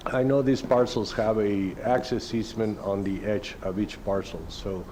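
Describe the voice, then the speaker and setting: A man's voice: lowish voice, steady tone, moderate pace, a little mellow, slight background noise, poor audio. A man, a commissioner, asking hesitant questions at a public city meeting.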